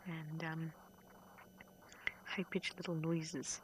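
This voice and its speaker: Hushed, gravelly-voiced woman safari guide. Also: sits low, steady tone, moderate pace, slight background noise, low-quality recording. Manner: hushed and patient, waiting quietly at a den. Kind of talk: live wildlife commentary. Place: outdoors at a hyena den.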